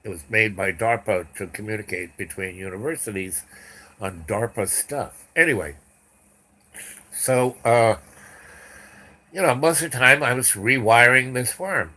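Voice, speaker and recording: An older man telling a long personal story in a loose, rambling way, with asides and restarts throughout. His voice sits low, and his tone is sharp and bright. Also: unhurried, long pauses. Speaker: podcast host.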